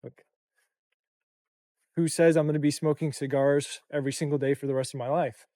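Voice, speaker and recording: A man's voice: a little high, fairly even intonation, brisk, warm tone, no room sound, clean studio sound. Tired, reflective man vlogging to camera. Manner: reflective, talks in loose run-on phrases with many "like"s. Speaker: content creator and coach. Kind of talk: casual to-camera vlog.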